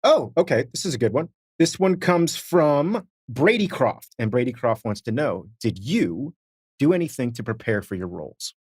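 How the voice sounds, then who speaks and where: Man, husky voice, dry close mic, casual podcast co-host, self-mocking anecdotes. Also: medium pitch, big pitch swings, normal speed, darkish tone, no echo. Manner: self-deprecating storytelling with acted-out quotes.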